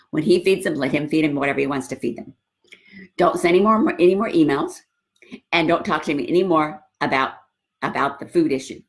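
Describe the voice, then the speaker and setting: A middle-aged woman coaching Christian wives on marriage, chatting casually and acting out little stories with quoted dialogue. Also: deep voice. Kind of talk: casual talk to women viewers.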